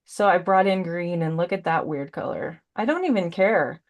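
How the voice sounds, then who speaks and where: A woman's voice: on the low side, moderate pace, muffled recording. A woman in her forties chatting through a live painting demo on a video call. She talks chattily and rambles, tossing in punny asides. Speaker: brand ambassador demonstrating paints.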